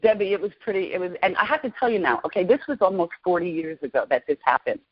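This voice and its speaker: A woman in her sixties, a podcast guest, excitedly and emotionally telling a personal story. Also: on the low side, fast talker, breathy edge. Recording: lo-fi podcast audio.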